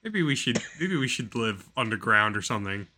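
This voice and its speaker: Bright, lively man, dryly exasperated. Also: fairly low pitch, brisk. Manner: dry, exasperated teasing. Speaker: podcast co-host. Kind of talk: casual chat.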